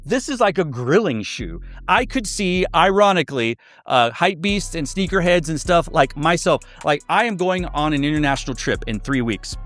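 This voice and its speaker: A man's voice: on the high side, big pitch swings, normal speed, few pauses, fairly bright tone, faint music behind. Chatty man reviewing sneakers. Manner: chatty, loose, with many fillers and restarts. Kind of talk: casual product review.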